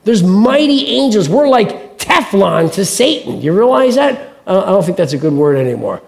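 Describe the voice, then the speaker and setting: Male pastor, chatty animated preaching style, raspy fry, higher register. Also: moderate pace. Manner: conversational, animated storytelling with acted-out voices. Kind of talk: sermon.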